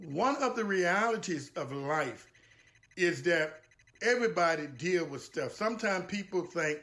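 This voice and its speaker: A man delivers a motivational talk. He speaks in a preacherly, emphatic way, circling back to key phrases and slowing down to stress them. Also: a little high, bright, forceful tone. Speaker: guest speaker.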